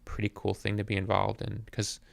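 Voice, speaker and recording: A man's voice: fairly low pitch, completely flat delivery, brisk, creaky, dry recording, clean studio sound. A man in his fifties, a musician guest talking thoughtfully on a podcast and often repeating words as he searches for them. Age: 50s. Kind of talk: reflective interview conversation. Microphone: podcast mic.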